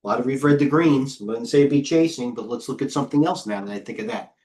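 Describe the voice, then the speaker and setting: A middle-aged man hosting live trading commentary, firing off clipped ticker call-outs and excitedly talking to himself as he trades. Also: mid-range voice, quick pace. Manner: talks to himself while trading. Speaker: head trader hosting a market livestream.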